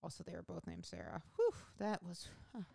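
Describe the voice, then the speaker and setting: A woman's voice: lowish voice, big pitch swings, a little fast, gravelly. A woman comedian telling a rambling, profane story about her own life in a casual, self-mocking way.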